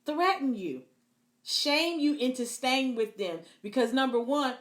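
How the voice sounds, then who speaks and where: A woman Christian counselor with a fairly high voice teaches in a spirited, preacher-like way. She acts out the taunts of abusers and calls her listeners "beloved". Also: animated, a little slow. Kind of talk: teaching talk on psychological abuse.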